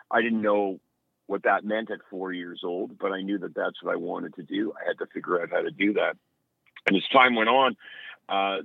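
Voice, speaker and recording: A low-voiced man from Ontario, Canada, talking as a guest over a tinny telephone line. He jokes and rambles as he tells his stories. The sound is dry and thin, like a call. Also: gravelly, no echo. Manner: joking, rambling storyteller. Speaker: guest musician. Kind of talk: phone interview.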